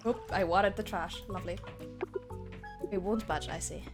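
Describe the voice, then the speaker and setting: A woman's voice: lowish voice, moderate pace. A young woman streaming a game, chatting casually and giggling, sometimes switching between English and German. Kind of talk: casual gaming stream chat. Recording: faint background game music.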